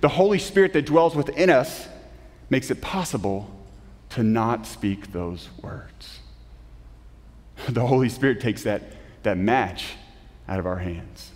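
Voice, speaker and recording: A man preaching a sermon as pastor, earnest, with emphatic rises and soft, slow drops. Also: medium pitch, animated. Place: church sanctuary. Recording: long reverb of a church hall.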